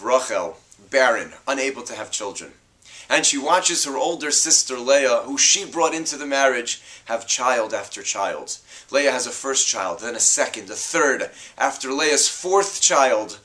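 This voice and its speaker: A man, a rabbi, giving an earnest, measured scripted talk on parenting. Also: medium pitch, bright, forceful tone.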